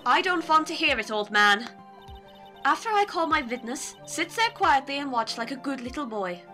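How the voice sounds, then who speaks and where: A woman's voice: high voice, animated, moderate pace, bright, forceful tone, faint music behind. A woman voicing a haughty young woman prosecutor in a video game, speaking in a scornful, commanding way.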